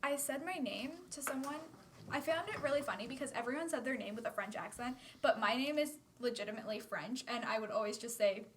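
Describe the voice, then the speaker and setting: High-voiced woman telling a story, giggly. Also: a little fast, fairly bright tone. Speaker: podcast guest. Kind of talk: casual chat. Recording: noisy background hiss.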